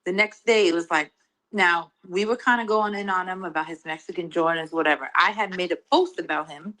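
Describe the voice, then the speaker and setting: A woman's voice: lowish voice, brisk, pushed and bright, low-quality recording. Rambling, defensive woman on a livestream. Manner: rambling and defensive, full of restarts. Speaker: guest in a livestream argument. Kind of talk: heated livestream conversation.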